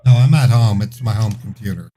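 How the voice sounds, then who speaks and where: A man scam-baiting on a call, playing a slow, hesitant, confused caller. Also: fairly low pitch, mellow, faint music behind, poor audio. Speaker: scam baiter host.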